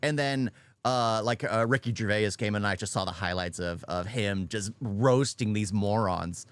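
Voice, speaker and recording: A man's voice: lowish voice, moderate pace, smooth, no echo. A man ranting in an unscripted reaction video, blunt and often repeating his points. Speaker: YouTube reaction commentator.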